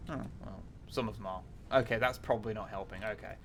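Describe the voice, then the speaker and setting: A man's voice: lowish voice, fast talker, a little hiss or hum. A man, chatting casually on a gameplay livestream, thinking aloud with lots of fillers, restarts and offhand swearing. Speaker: livestreamer playing a factory-building game.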